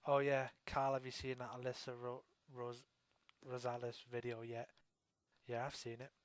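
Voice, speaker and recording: A man's voice: medium pitch, monotone, normal speed, dry recording. A man hosting a casual internet radio chat show, rambling with lots of restarts. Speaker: talk show host.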